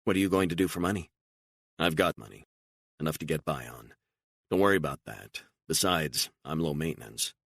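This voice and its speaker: A man doing a terse, low-voiced operative. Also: gravelly, no echo, heavily acted. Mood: calm. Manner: terse, calm, measured. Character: calm, guarded male operative, low-key.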